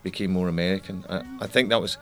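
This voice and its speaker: A musician in an interview, talking candidly, with frequent restarts and the odd swear word. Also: male voice, deep voice, steady tone, fast, fairly bright tone. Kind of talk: reflective interview talk.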